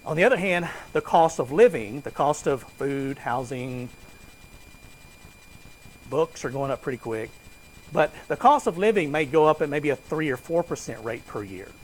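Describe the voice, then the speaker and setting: A man lectures a classroom in a relaxed, conversational way, quizzing the room and tossing in jokes. His voice sits a touch higher than most men's. A faint hiss hangs under the recording. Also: normal speed, low-quality recording. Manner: conversational, asks students questions and jokes. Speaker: finance lecturer.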